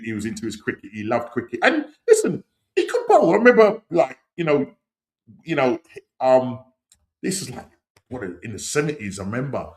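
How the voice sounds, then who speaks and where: A middle-aged man hosting a casual live-stream chat, rambling and leaning on "you know what I mean", with sudden excited outbursts. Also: mid-range voice. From England. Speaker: podcast host.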